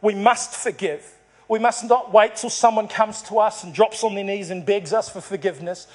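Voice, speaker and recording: High-voiced man preaching a sermon. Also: moderate pace, darkish tone. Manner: storytelling, acts out dialogue in the parable. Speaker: pastor.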